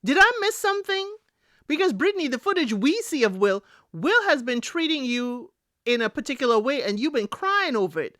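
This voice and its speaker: Animated woman recapping TV. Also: high-pitched, moderate pace, no room sound, clean studio sound. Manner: animated, chatty, addresses listeners as y'all. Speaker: recap podcast host. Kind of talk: casual reality-show recap.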